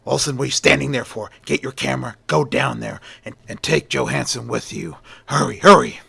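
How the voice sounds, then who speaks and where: A man voicing a gruff, short-tempered older male newspaper editor who barks orders and calls people kid. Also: medium pitch, fairly quick, pushed and bright, no room sound, exaggerated voice. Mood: urgent.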